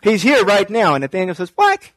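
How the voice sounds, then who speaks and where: A male pastor preaching a sermon, telling stories animatedly and acting out dialogue, then slowing to quiet emphatic lines. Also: on the high side, no room sound, rough recording. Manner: drops to slow, quiet emphasis.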